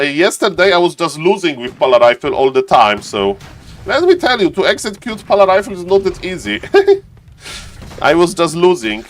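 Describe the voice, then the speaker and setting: Excitable streamer casting a strategy game. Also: male voice, on the high side. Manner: excitable, repeats phrases, addresses chat by name. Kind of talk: excited live game commentary and chat.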